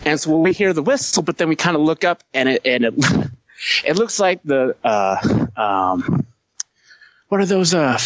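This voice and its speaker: A man's voice: on the high side, a little slow, no echo, lo-fi sound. Profane man telling war stories, dry sound. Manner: profane, laughing, animated storyteller. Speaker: podcast guest, Marine veteran. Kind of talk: casual storytelling.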